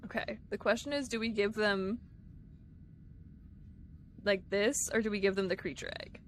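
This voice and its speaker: A woman's voice: medium pitch, fairly even intonation, normal speed, a little hiss or hum. Giggly woman streaming a game. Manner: chatty, giggly, talks to her viewers. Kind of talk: live-streamed gameplay chat.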